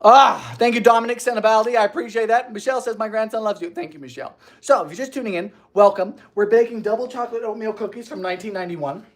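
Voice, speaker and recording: A man's voice: high voice, quick pace, few pauses. A young man from Bermuda with a mild Bermudian accent, chatting theatrically and jokily while baking on a live stream. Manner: animated, theatrical, jokey. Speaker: baking show host.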